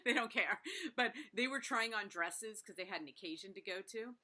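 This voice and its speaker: A middle-aged woman hosting an interview, chatty and quick to laugh. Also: medium pitch, crowd noise. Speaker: interview host. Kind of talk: casual interview chat.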